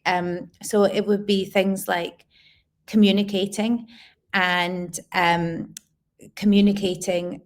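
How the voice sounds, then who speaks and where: A woman guest speaking as an educator in an interview, explaining practical points and often repeating words for emphasis. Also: medium pitch. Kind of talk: conversational interview answers.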